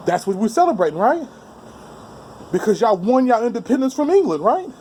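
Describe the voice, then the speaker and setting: A man's voice: very high voice, sing-song, a little fast, pauses often, darkish tone, a little hiss or hum. A man giving a blunt, heated, profane rant to camera outdoors, heavy with street slang. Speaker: vlogger. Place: outdoors on steps.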